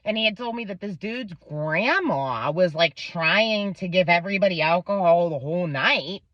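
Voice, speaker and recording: A woman in her thirties from Pennsylvania, her voice on the low side and her pace moderate, casually tells a swearing-laced story about her kid while acting out who said what. The recording is dull, dry and lo-fi with no echo.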